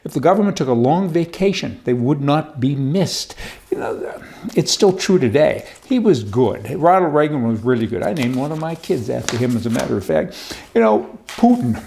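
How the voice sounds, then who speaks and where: Folksy joking man with a mellow voice. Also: medium pitch, animated, moderate pace, gravelly. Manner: folksy, joking, opinionated ranting. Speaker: political commentator. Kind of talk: casual opinion monologue with jokes.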